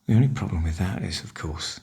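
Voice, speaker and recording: An older man, softly half-whispering a wry, chatty ASMR ramble. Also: low voice, animated, fairly quick, creaky, husky. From northern UK. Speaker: ASMR host.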